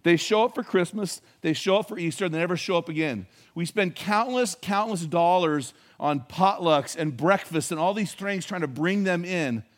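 High-voiced folksy preaching man. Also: normal speed, few pauses. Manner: conversational storytelling, folksy and emphatic. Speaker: pastor. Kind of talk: sermon.

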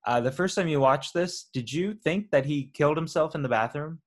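A man's voice: fairly high pitch, a little fast. A man casually talking over a film's scenes with a friend, easygoing and sometimes searching for the right word. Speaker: podcast co-host. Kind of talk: casual conversation.

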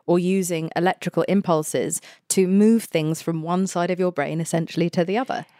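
Woman guest, lowish voice, blunt and chatty, dry close mic. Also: fairly even intonation, warm tone, dry recording. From England. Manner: frank, brisk, swears casually. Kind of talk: casual podcast chat.

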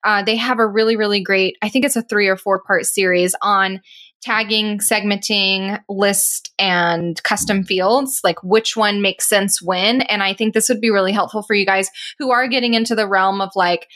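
A woman's voice: mid-range voice, steady tone, moderate pace, a bit bright. Laughing, joking podcast co-host woman. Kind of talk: casual chat.

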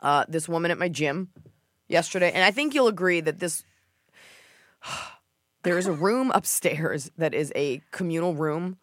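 A woman hosting a podcast, telling stories in a casual comedic chat, swearing and mimicking people in a shrill voice. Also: a little slow, pauses often, no echo, clean studio sound. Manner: animated storytelling, swears freely, mimics others in a shrill voice. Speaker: podcast host.

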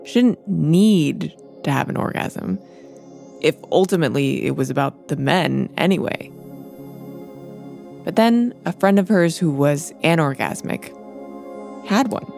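A woman hosting a podcast, narrating in a measured way and asking casual questions. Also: low voice, expressive, creaky, a little mellow, soft background music. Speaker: host and narrator.

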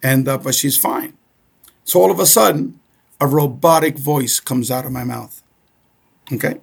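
Gravelly, husky middle-aged man. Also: medium pitch, normal speed, long pauses. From Cuba. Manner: repeats "okay?" often, animated storyteller. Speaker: guest. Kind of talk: casual storytelling.

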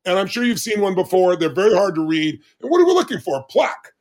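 A man's voice: sing-song, quick pace, a little mellow. A man in his sixties, a podcast guest telling stories in an emphatic, dramatic way. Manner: emphatic, dramatic storyteller with big swings of pitch. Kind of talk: animated storytelling in conversation.

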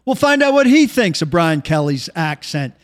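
Man, sports talk host, breezy and joking, high voice. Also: sing-song, moderate pace. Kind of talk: sports radio hosting.

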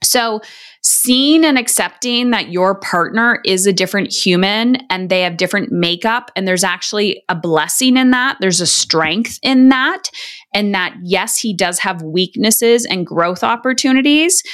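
A woman's voice: mid-range voice, lively intonation, unhurried, fairly bright tone. Woman in her 30s talking through co-parenting advice, earnest and chatty, plays out little dialogues. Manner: earnest, conversational, acts out quoted lines. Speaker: podcast host and parenting coach. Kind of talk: casual advice talk.

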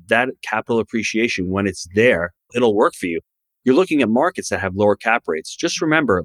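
A man with a lowish, slightly bright voice is a guest on a podcast, giving emphatic, promotional advice about real estate investing in an interview. The audio has no echo.

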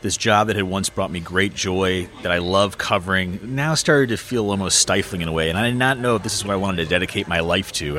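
A man in his thirties with a fairly low voice tells a personal story. He is earnest and reflective, speeding up in bursts as he recalls things. He speaks as a guest in a casual interview. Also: sharp tone. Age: 30s. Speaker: author, guest. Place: bar.

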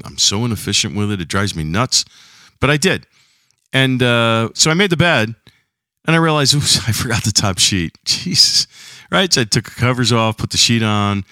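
A man's voice: fairly low pitch, bright, forceful tone, no echo, studio quality. A middle-aged man hosting a casual solo podcast, rambling and chatty with a slight lingering cough. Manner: rambling, chatty, self-deprecating. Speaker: podcast host.

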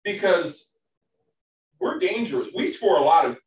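A man who coaches baseball, co-hosting a casual podcast, telling stories in an animated way with casual swearing. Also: sits high, measured pace. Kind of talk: casual chat. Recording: roomy, distant from the mic.

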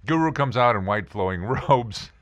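A middle-aged man hosting a podcast, telling stories in a sarcastic, animated comic monologue. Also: medium pitch, moderate pace. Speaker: podcast host. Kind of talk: comedic monologue.

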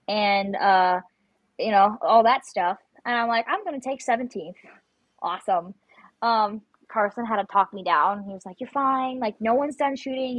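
Chatty young woman, slightly high voice. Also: no echo, lo-fi sound. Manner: chatty storyteller, acts out her own panicked quotes. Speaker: guest, competitive shooter. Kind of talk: casual interview chat.

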